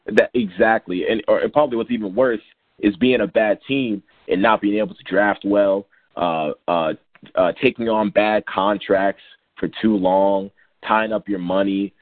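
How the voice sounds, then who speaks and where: A man with a low voice talks sports in a loose, rambling way, restarting his sentences as he goes. The sound is thin and phone-like, very dry. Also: fairly even intonation, normal speed, no room sound. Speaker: podcast co-host. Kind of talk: casual sports chat.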